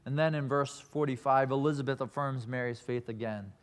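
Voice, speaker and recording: A man's voice: medium pitch, steady tone, brisk. A man preaching a sermon, telling a scripture story earnestly and reading verses aloud. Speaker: pastor.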